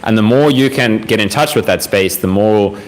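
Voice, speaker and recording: A young man hosting a casual live Q&A from home, talking gently and reflectively with plenty of fillers, a fan running faintly behind him. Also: lowish voice, poor audio. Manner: gentle, reflective, speaks in unhurried phrases with frequent fillers. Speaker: livestream host answering viewer questions. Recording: faint fan noise in the background.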